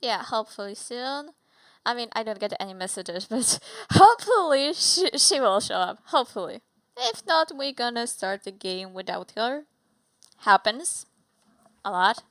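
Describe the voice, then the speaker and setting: A woman's voice: medium pitch, animated, normal speed, a bit bright, no echo. A young woman, a native Polish speaker with a Polish accent, chatting casually on a livestream, giggly and bubbly with playful swearing. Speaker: streamer.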